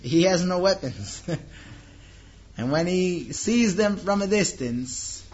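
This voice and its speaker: Male storyteller, higher voice, acts out the lines, slightly muffled recording. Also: takes it slowly, long pauses. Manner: animated, acts out the characters' lines. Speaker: storyteller and teacher. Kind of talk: informal storytelling lesson.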